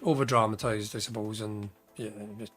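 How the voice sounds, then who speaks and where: A man's voice: on the low side, little pitch movement, moderate pace, music in the background. A man on a panel show giving wry comments, laughing and letting sentences trail off. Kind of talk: casual panel chat.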